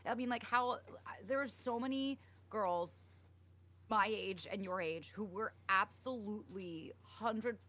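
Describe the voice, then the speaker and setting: In a medium-pitched, slightly bright voice, a young woman co-hosts a podcast at a somewhat slow pace. The conversation is casual, and she talks with plenty of "like" and "um."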